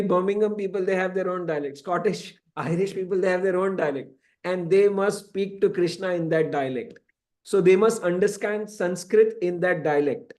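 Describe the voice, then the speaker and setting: Mellow high-voiced man teaching a class. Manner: explanatory, frequent "you know" asides. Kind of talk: lecturing to a class. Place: temple classroom.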